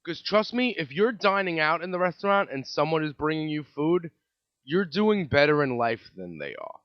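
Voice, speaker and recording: A man's voice: a little high, big pitch swings, moderate pace, dry recording. A man in his thirties, a podcast host telling comedic stories in a profane, exasperated rant. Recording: dull lo-fi, dry.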